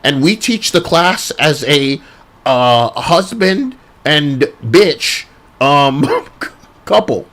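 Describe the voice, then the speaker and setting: A man's voice: a little high, expressive, extremely slow, a bit bright, exaggerated voice. A man doing a sneering male teacher. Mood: mocking. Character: mocking male teacher introducing his partner.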